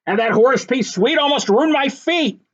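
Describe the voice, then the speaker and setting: A man with a high voice reads a rhyming picture book aloud, bouncing along the rhythm in a lively sing-song. The recording sounds dull and lo-fi, with the top end rolled off. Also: normal speed. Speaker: reader.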